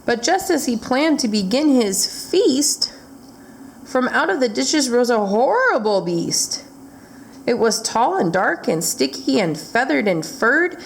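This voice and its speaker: A woman's voice: on the high side, very animated, vocal fry, a little hiss or hum. A woman reading a rhyming picture book aloud at a library storytime. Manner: slow, rhythmic rhyming read-aloud.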